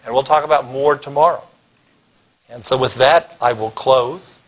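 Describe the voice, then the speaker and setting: A man giving a keynote lecture at a conference, animated and sarcastic, often pausing to check in with the audience. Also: medium pitch. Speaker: keynote speaker. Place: conference hall. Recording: dull lo-fi recording.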